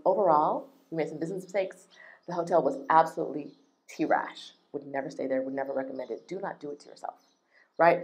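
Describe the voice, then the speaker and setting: A woman with a low-pitched voice rants in a vlog, indignant and emphatic. She repeats her points for effect and keeps the energy of a heated complaint. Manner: animated, indignant, emphatic repetition. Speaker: travel business owner. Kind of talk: ranting vlog.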